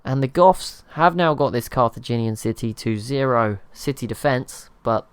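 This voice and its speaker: A man's voice: medium pitch, moderate pace, clear, resonant tone, no room sound. A man hosting his gaming channel, giving casual, rambling commentary over strategy gameplay and laughing at himself. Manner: rambling, self-deprecating, chuckles at himself.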